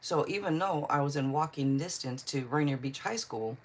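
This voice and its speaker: Low, husky-voiced woman chatting on a live stream. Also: normal speed. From Seattle, Washington. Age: adult. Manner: chatty, answers viewers' comments one by one. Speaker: tarot reader streaming live. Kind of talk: casual live-stream chat.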